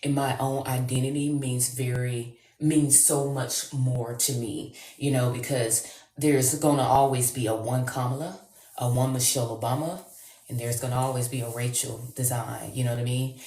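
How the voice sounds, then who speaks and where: A woman vlogging, chatty and animated, talking straight to her viewers. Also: a bass voice, reverberant. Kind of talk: excited vlog chat.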